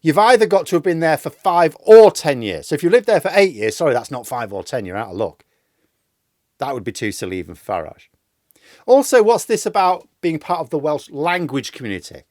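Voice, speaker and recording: Give me a man doing a mocking political commentary monologue, his pitch bouncing all over the place. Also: very animated, brisk, a little mellow, no room sound, clean studio sound. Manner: sarcastic, mocking.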